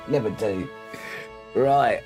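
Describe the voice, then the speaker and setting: Chatty low-voiced man streaming a game. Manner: chatty, rambling, laughs often, greets viewers. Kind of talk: casual live-stream chat.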